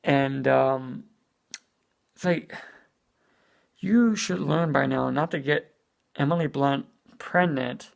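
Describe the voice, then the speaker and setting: Exasperated speaker with vocal fry. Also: mid-range voice. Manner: exasperated, ranting, lots of "you know" and swearing. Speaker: movie reviewer. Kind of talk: casual spoken movie review.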